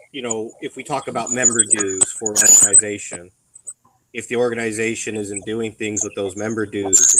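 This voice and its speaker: A man's voice: fairly low pitch, noisy background. A man in casual chat about being a veteran, talking bluntly with plenty of ums and curses. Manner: rambling, blunt and profane, with many ums. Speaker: veteran on a live radio chat.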